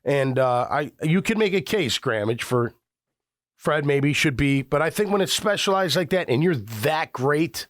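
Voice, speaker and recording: Animated rambling radio host. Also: male voice, a little high, measured pace, no room sound, studio quality. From Chicago area. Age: middle-aged. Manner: rambling, animated, frequent restarts. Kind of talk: casual radio storytelling. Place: radio studio.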